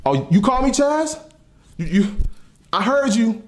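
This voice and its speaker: Guy putting on a bewildered young prophet, high voice, stammery and slangy. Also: sing-song, a little slow, exaggerated voice. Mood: puzzled. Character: young male prophet, confused, casual and jumpy.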